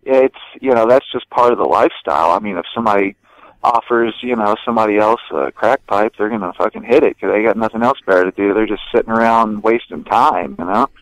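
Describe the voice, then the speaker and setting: A man talking as a guest on a podcast, relaxed and casual, cursing freely between lots of fillers. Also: fairly low pitch, brisk, dry recording, poor audio. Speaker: documentary director, guest.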